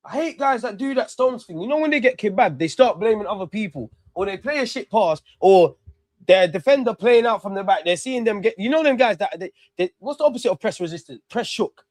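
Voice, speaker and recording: High-voiced ranting man. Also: a little fast, dry recording. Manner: ranting, excitable, swears freely. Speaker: watch-along host. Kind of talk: live football watch-along commentary.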